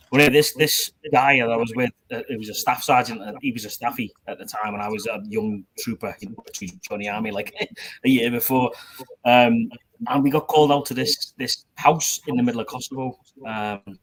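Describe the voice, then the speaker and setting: A man in his forties, an army veteran guest, telling a rambling story with laughs and swearing. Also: mid-range voice. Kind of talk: casual storytelling chat.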